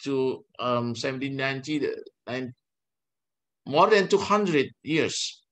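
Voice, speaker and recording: Older guy with giving a law lecture, slow, halting, bright voice. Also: mid-range voice, animated. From Indonesia. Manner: slow and halting, with pauses and restarts; mixes in Dutch legal text. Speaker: law professor. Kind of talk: university lecture.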